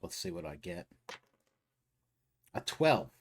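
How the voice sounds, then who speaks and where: A man playing a tabletop game, thinking out loud in a wry, musing way. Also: low voice, sing-song, takes it slowly, creaky, a little hiss or hum. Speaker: player.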